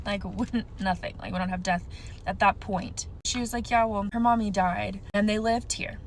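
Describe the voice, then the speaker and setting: A woman's voice: mid-range voice, fairly even intonation, moderate pace, a little hiss or hum. A woman, a mother, recounting a strange experience with her daughter in a casual, conversational way. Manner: conversational, laughs off her own asides. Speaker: mother telling a story. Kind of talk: casual first-person ghost story.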